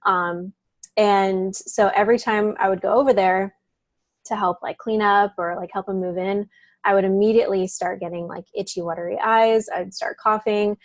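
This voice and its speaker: A woman with a mid-range, steady voice speaks at a normal speed, with no room sound. She's a chatty interview guest sharing a personal story, laughing often and filling her speech with "like."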